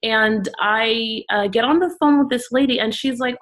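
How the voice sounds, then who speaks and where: A middle-aged woman from Miami, a guest entrepreneur telling her story in an animated way, acting out the voices of people she quotes. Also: a little high, moderate pace, hardly any pauses. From Miami, Florida. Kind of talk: storytelling interview talk.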